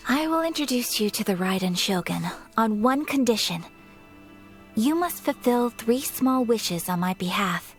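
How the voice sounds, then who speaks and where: Game noblewoman: a formal, gracious young lady, light raised voice, polite and measured. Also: on the high side, expressive, faint music behind. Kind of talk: game voice acting.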